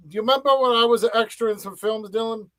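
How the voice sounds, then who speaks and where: A man hosting a casual podcast, halting and stumbling over repeated words as he leads the talk. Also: very high-pitched, steady tone, sharp tone, no room sound. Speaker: podcast host.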